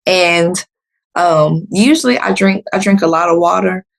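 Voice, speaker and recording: A woman in her thirties tells her story on a podcast, casual and blunt. Her voice sits low and has a gravelly, fried edge, and when she quotes people her pitch leaps up. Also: unhurried. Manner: animated, acts out quotes with sharp pitch jumps; blunt, unfiltered. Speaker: podcast guest.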